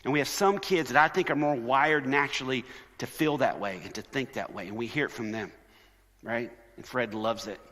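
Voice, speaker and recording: Male conference speaker, lively sermon delivery that acts out voices, recorded in a big reverberant hall. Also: mid-range voice, normal speed. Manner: animated, conversational, shifts into quoted voices. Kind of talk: sermon-style talk.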